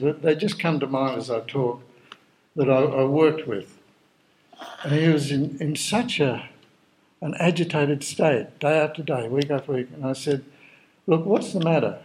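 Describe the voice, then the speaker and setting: A man's voice: a little high, darkish tone, rough recording. A man preaching a sermon in a conversational, storytelling way, acting out the dialogue of the people he describes. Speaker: pastor.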